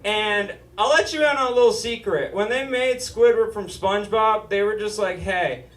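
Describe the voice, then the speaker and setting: Whiny high-voiced stand-up comedian. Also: male voice, normal speed. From Utah. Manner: whiny, nasal comic delivery, rising to shouts. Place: live comedy stage before an audience. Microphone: stage microphone. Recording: roomy live-venue sound, mic a bit distant. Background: audience laughter.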